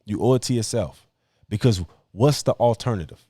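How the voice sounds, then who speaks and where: A man's voice: fairly low pitch, normal speed, warm tone, husky, no room sound, clean studio sound. A young man hosting a podcast, talking bluntly in slang and preaching hard-work advice to other men. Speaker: podcast host. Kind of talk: casual podcast debate, preachy monologue.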